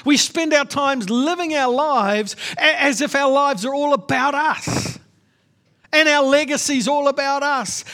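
A man's voice: extremely high pitch, fairly bright tone. A male pastor preaching a sermon in an emphatic, conversational way, repeating his points.

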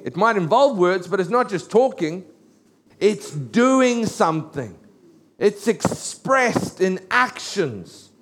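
A pastor giving a sermon in an earnest way, repeating key phrases for emphasis. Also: male voice, high voice, fairly bright tone.

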